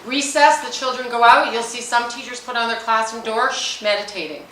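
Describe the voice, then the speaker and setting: A middle-aged woman giving an energetic, jokey talk on meditation to a business audience. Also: on the high side, a little fast, a little hiss or hum. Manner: energetic, chatty, jokey and emphatic. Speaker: speaker at a business luncheon. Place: large hall. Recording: echoey hall, mic at a distance.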